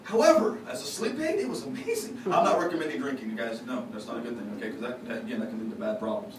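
Fast-talking with big pitch swings in a mid-range voice, a pastor preaches a folksy, conversational sermon in a church sanctuary. He shares confessions and teases his congregation in the pews, and the recording is echoey, distant and noisy.

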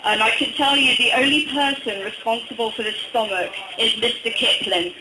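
A stand-up comic with a slight northern English accent and a strikingly high voice, delivering deadpan one-liners between hesitant ums. The recording is a phone capture from the crowd, roomy and echoey, with clear bar noise behind him. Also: male voice, normal speed. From Durham, England. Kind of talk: stand-up comedy set. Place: small bar venue, indoors. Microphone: phone recording from the audience.

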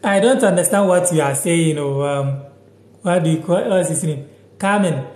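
A man's voice: a little high, normal speed, darkish tone, roomy sound. A man with a Ghanaian accent teaching a casual live-stream language lesson, repeating words and reading out viewer comments.

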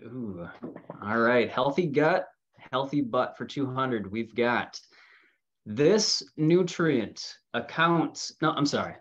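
A man's voice: medium pitch, animated, slow pace, fairly bright tone. A man co-hosting a casual quiz chat, reading clues in an apologetic, easygoing way. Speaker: co-host. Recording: dull lo-fi sound.

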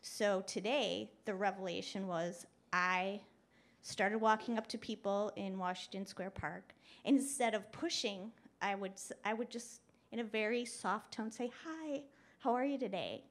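A woman telling a story on stage at a live show, chatty and animated, laughing often and using lots of "like" and "you know". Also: medium pitch, unhurried. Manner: laughs often while talking. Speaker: guest speaker. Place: live show at a club venue.

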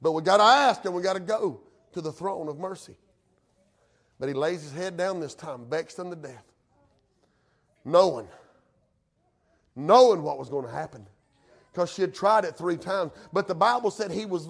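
Brief: male preacher, high tenor, folksy country delivery, hushed to shouting. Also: moderate pace, gravelly, pauses often. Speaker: pastor. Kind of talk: sermon.

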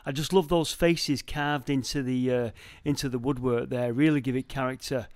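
A man's voice: medium pitch, fairly even intonation, moderate pace, a little mellow, dry recording. Enthusiastic man vlogging. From Manchester, England. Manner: enthusiastic and chatty. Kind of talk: casual travel vlog commentary.

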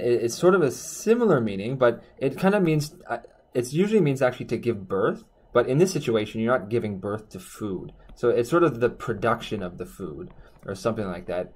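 A man teaching a language lesson in a chatty, loose way, correcting himself and slowing down on words while he writes. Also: medium pitch, darkish tone, husky. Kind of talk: casual explainer lesson. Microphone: desk mic while drawing on a tablet.

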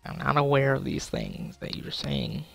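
A man's voice: medium pitch, huge pitch swings, moderate pace, creaky, fairly bright tone, faint music behind. A young man giving casual gameplay commentary, swearing and joking as he plays. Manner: swearing, frustrated, joking, talking to chat. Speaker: gaming YouTuber.

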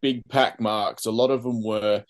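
A man's voice: on the low side, fairly even intonation, unhurried. A man co-hosting a podcast, thoughtful and hesitant, with frequent ums. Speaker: podcast co-host. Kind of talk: casual chat.

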